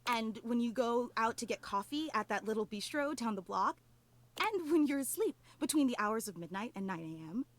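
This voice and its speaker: A woman's voice: fairly high pitch, lively intonation, moderate pace, close to an everyday voice. A woman voicing a clingy, emotional obsessive female superfan in a video game, gushing and tearful, apologizing over and over.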